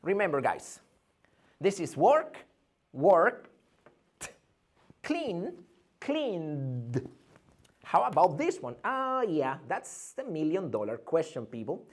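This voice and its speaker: A man's voice: sits high, wildly swooping pitch, unhurried, breathy edge. A man teaching an English pronunciation lesson, drilling sounds by repeating them and asking and answering his own questions.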